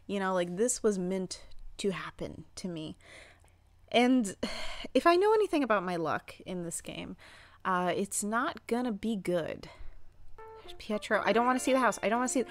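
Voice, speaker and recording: A young woman chatting casually over her gameplay, excitable, squealing and swearing at what happens on screen. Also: mid-range voice, dry recording. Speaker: gaming channel host.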